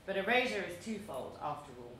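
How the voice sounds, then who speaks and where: A London woman in her thirties with a London English accent reads her personal essay aloud at a live event in a large, echoey museum space. Her voice sits a little low and is a bit bright, her delivery measured, deliberate and dryly wry yet very animated. The sound echoes strongly around the room with a faint noise underneath.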